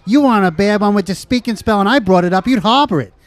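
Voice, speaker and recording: A man's voice: sits high, fast talker, no echo, close to an everyday voice. A man voicing a foul-mouthed, petty schoolyard tough guy in a comedy podcast sketch. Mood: griping.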